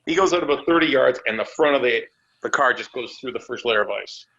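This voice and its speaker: Speaking fast in a mid-range voice with vocal fry, this man is a podcast guest spinning casual wrestling road stories. He's animated, does the voices of the people involved, and curses freely, all on dull, lo-fi audio.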